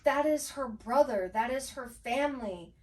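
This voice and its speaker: A woman co-hosting a casual book club podcast, talking emphatically and chiming in with quick agreement. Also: sits high, a little mellow, distant mic. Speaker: podcast co-host.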